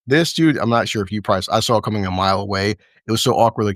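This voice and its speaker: Excitable profane man recapping a fight. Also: fairly low pitch, very fast, no echo, studio quality. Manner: excited, profane, laughing play-by-play. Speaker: show host. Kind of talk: casual recap chat.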